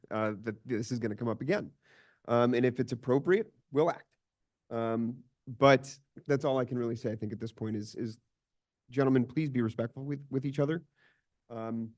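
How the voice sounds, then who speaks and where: Male chair, mid pitch, hesitant peacemaker at a council meeting. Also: darkish tone. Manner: conciliatory, hesitant, many fillers and restarts. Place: commission meeting chamber.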